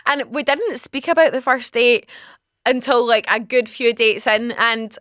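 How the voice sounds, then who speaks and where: Telling an animated, casual story on her podcast, this woman in her twenties laughs frequently and acts out the things people said. Her voice is a little high and a little slow. The sound is dry, clean and studio-grade.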